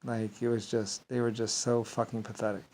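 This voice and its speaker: A man telling a story in a rambling casual monologue, full of halting restarts and repeated filler words. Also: fairly low pitch, level tone, a little mellow, slight background noise, poor audio.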